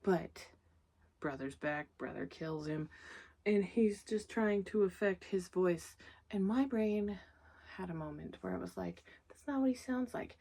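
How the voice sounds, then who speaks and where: A woman's voice: on the low side, unhurried, mellow, slightly rough. A woman giving a casual, rambling movie recap, swearing freely, laughing often and drifting into asides to herself. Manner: profane, candid, laughs often; digresses and talks to herself. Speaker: movie reviewer.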